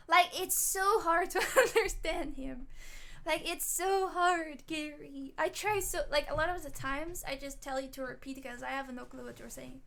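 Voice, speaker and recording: A woman's voice: high voice, unhurried, creaky, fairly bright tone. A woman streamer chatting casually with her viewers, reacting aloud and talking straight to chat.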